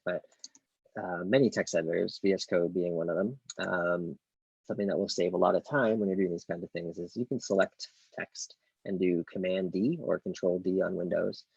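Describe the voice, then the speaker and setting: Male coding tutor: low, gravelly, husky voice, casual screen-recorded walkthrough full of ums and self-corrections. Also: no echo, dull audio. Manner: thinks aloud with many ums, self-corrections. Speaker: coding instructor.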